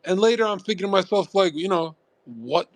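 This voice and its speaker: A man on a live stream rants at his chat in a blunt, rambling way, cursing freely. His voice sits a little high for a man and has a gravelly, frying edge. The sound is close and dry on a condenser mic. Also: lively intonation, brisk, dry recording. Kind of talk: casual livestream rant. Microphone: USB condenser mic.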